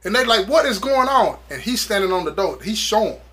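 Guy spinning a prison story, high bright voice, slangy, keeps repeating himself for punch. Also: a little fast. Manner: animated, acts out dialogue, laughs often; slangy, repeats phrases for emphasis. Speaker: guest recounting prison experience. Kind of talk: casual storytelling.

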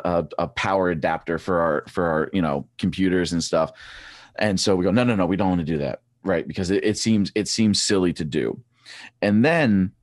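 Deep-voiced man telling stories, dry sound. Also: dry recording. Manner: rambling, animated storytelling with repeated restarts. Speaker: podcast guest, former track cyclist. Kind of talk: casual chat.

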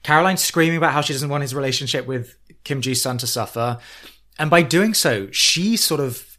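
A man's voice: medium pitch, brisk, sharp tone. A man co-hosting a casual chat podcast, giving wry, dry commentary with playful exaggeration. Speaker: podcast co-host.

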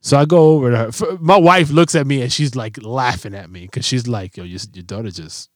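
Middle-aged guy telling a funny family story, swears a lot, mid pitch, dead dry mic. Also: brisk, dry recording. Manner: profane, animated storytelling with voiced quotes. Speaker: podcast co-host. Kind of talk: casual storytelling chat.

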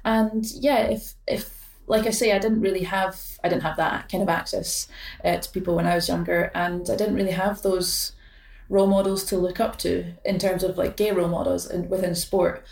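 A Scottish woman in her late twenties talks low and unhurried, picking her words with plenty of small stops and restarts. Her voice sits a little down in pitch. It comes from some way off the mic in a room that rings around her. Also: little pitch movement, gravelly, darkish tone. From Scotland. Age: late 20s. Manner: thoughtful, hesitant, many fillers and restarts. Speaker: badminton player, guest. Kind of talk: casual interview chat. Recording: roomy sound from a distant mic.

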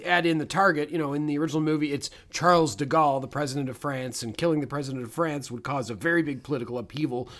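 Animated man co-hosting a casual movie-review podcast, slightly high-voiced. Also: fast talker, hardly any pauses. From Canada. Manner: animated, does comic impressions. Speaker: podcast co-host.

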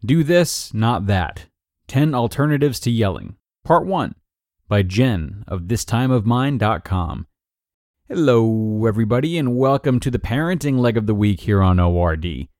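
A man's voice: lowish voice, a little mellow, no echo, clean studio sound. A man hosting a podcast, reading a parenting article aloud and acting out the quoted lines. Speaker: podcast host and narrator.

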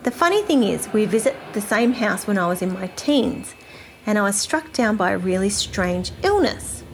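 A woman's voice: mid-range voice, expressive, normal speed, gravelly, slight background noise. A woman in her forties with an Australian accent, telling a strange personal story from her childhood. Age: 40s. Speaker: listener sending in a story.

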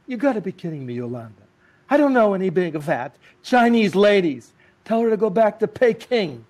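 A man's voice: sits high, big pitch swings, moderate pace, voice pushed up, exaggerated voice. A man doing a bossy, exasperated old actor. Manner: loud, exasperated, commanding. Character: temperamental older actor, male, bossy.

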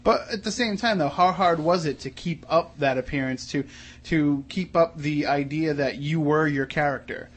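A man's voice: a little high, normal speed, slightly rough. A man hosting a casual radio interview, talking in a rambling way with restarts. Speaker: radio show host. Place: radio studio.

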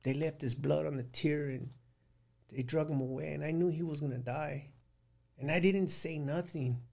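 A man's voice: fairly high pitch, fairly even intonation, normal speed, gravelly, a little mellow. A middle-aged man recounting his life in a casual interview, plain-spoken and rambling, with many restarts. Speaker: guest recounting prison life.

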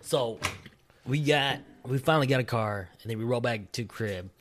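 A man's voice: medium pitch, normal speed, fairly bright tone, slight background noise. A young man chatting casually, rambling and laughing through a story, with heavy slang and swearing. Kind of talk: casual chat.

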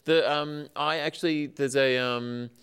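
A man hosting a comedy panel, with a smooth, clear voice. He fills his sentences with ums as he reads out the week's question and a list of supporters. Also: on the high side, steady tone, measured pace, a bit bright. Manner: hesitant, lots of ums, reads out names. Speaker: host.

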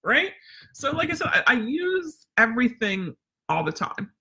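A woman's voice: fairly high pitch, very animated, normal speed, bright, forceful tone. A woman dog trainer teaching a casual live webinar, chatty and rambling with lots of fillers.

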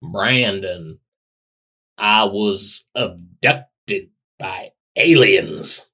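A man doing a quick, flat impression of a male rock musician with a slow drawl. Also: on the high side, voice pushed up, close to an everyday voice. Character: laid-back adult male rock musician, deadpan drawl.

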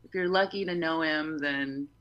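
A woman guest on a podcast, chatting casually and telling lively stories, often laughing and acting out what people said. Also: deep voice, moderate pace, muffled recording. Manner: animated storyteller, laughs often, acts out quotes. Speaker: podcast guest, haunt performer. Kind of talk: casual interview chat.

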